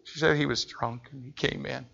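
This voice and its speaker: A man preaching a sermon as pastor, telling a story with intense swings from shouting to hushed tones. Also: medium pitch, steady tone, moderate pace, vocal fry, lo-fi sound.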